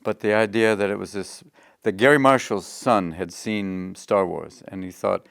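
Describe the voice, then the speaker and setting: A middle-aged man being interviewed, telling animated stories and jumping into quick voices. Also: on the low side, gravelly, no room sound, clean studio sound. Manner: animated, slips into quick character voices mid-story. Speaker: interview guest, comedian. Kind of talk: anecdotal interview storytelling.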